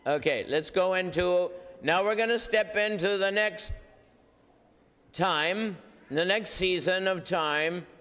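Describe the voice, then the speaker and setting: Man, preacher, slow teaching, step-by-step explaining, long reverb. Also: high-pitched, fairly bright tone. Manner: explaining step by step, checking the listener follows. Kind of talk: teaching commentary on played clips.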